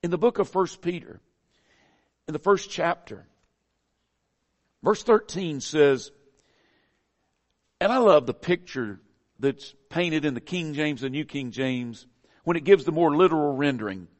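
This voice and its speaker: A man's voice: a little high, unhurried, long pauses, big-room sound. A man with a Southern US accent preaching a sermon in a folksy, conversational way, building phrases to emphatic peaks. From American South.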